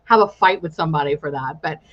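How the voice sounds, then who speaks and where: A young woman hosting a casual chat, telling stories with lots of swearing and frequent laughter. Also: low voice. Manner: profane, laughs often, quick storytelling. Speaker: podcast host. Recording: slightly dull lo-fi audio.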